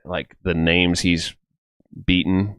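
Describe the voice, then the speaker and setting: Deep-voiced man rambling in casual chat. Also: level tone, takes it slowly, fairly bright tone, clean tone, no echo, studio quality. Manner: rambling, lots of "like" and restarts. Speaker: podcast co-host. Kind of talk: casual chat watching fights.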